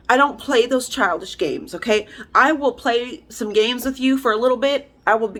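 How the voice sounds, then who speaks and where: A woman's voice: on the high side, fairly bright tone. A woman talking frankly and emotionally in a personal vlog, heated, swearing freely and using lots of fillers. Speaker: vlogger.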